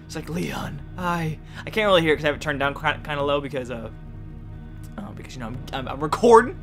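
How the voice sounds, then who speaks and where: A young man doing rambling, joking commentary while playing a video game, often yelling at it. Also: fairly high pitch, lively intonation, quick pace, soft background music. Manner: goofy, rambling, yells and jokes at the game. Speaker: gaming YouTuber. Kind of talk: let's play commentary.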